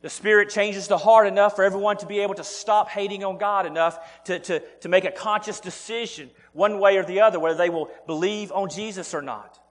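A man delivers a sermon in an earnest, driving way, often doubling his words as he pushes a point and calling his listeners folks. His voice sits high for a man. The sound rings with the long reverb of a church sanctuary. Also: steady tone, fairly quick, hardly any pauses. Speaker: pastor.

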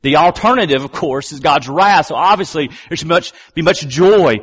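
A man in middle age delivers a measured sermon in a voice pitched a little high for a man. He hammers his main phrases through repetition. When he reads scripture, he drops low and slows right down. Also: a bit bright, breathy edge. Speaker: pastor.

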